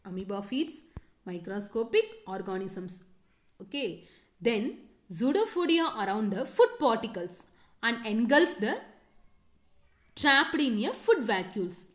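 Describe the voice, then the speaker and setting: A woman's voice: fairly high pitch, big pitch swings, unhurried, long pauses, reverberant. A woman teacher giving a science lesson, repeating key terms and questions and telling students to underline words and draw diagrams. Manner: frequent "okay" and directions to underline and draw. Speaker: school teacher.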